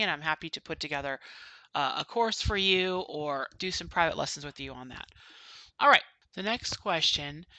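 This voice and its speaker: A woman's voice: low voice, sharp tone, dry recording, rough recording. A woman dog trainer giving casual advice to dog owners, talking emphatically and asking rhetorical questions.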